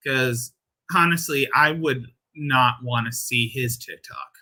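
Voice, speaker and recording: Slow, very bright-voiced man commentator. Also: medium pitch. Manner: crude, rambling, laughing at his own jokes. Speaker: commentary channel host. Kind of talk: casual reaction commentary.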